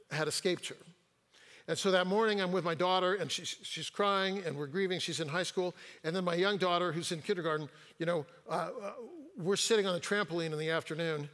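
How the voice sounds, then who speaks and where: High bright-voiced older man preaching. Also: big-room sound. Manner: storytelling with quips and hesitations. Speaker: guest pastor. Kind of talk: sermon. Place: church sanctuary.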